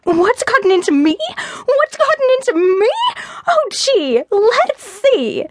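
A furious young woman screaming high and loud. Her voice shoots far above the narrator's own and stays piercing in a dry, close audiobook sound. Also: big pitch swings, slow pace, dry recording, full character voice. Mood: shrill fury. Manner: shrill, screaming. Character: furious young woman, frightened then raging. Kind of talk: audiobook character dialogue.

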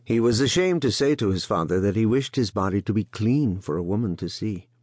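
A man narrating an unabridged classic novel as an audiobook, in measured, expressive storytelling. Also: lowish voice, no room sound, clean studio sound.

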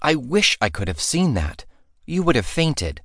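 A man's voice: on the high side, big pitch swings, a little slow, fairly bright tone, no room sound, studio quality, pitched above the performer's own voice, full character voice. A man voicing a young princess who teases and orders her friend about in a playful, imperious way. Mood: teasing, bossy. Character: teasing, bossy young princess.

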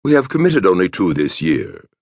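A man's voice: low-pitched, gravelly, husky, no room sound, exaggerated voice. Man doing a stentorian, serene cult leader. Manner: stentorian, slow and calm. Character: tall hooded male cult leader, serene.

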